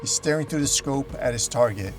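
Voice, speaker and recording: A man's voice: medium pitch, a little fast, over music. A man hosting a comic book channel, narrating a story recap with dramatic emphasis.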